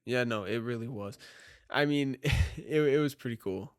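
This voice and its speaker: A man's voice: medium pitch, a little slow, clear, resonant tone, no room sound, clean studio sound. A man co-hosting a casual movie review chat, easygoing and agreeable. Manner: easygoing, agreeable, laughs along. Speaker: podcast co-host, movie reviewer.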